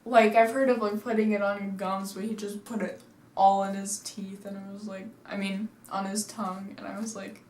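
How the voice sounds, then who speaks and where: A woman's voice: mid-range voice, level tone, brisk, a little mellow. A woman casually reviewing a movie, rambling through the story with lots of "like," sitting at home. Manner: chatty, rambling retelling full of "like". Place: indoors at home, seated. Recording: echoey room.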